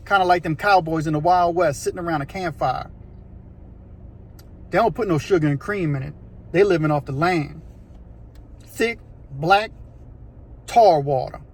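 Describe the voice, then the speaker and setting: A man telling a prison story in a casual, animated, slangy way, acting out voices and sounds. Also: sits high, husky. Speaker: storyteller recounting prison life.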